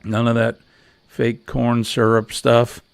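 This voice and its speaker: A man's voice: medium pitch, monotone, slow pace, vocal fry, clear, resonant tone, no echo. A middle-aged man hosting a casual morning chat show, rambling and jokey. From New England. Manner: rambling, jokey, easily amused. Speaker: host.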